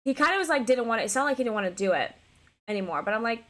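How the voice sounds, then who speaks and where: A woman talks to her live stream audience in a loose, animated storytelling style. Her voice is bright and sharp, and she swears without a second thought. She stumbles through restarts as she talks. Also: on the high side, very fast.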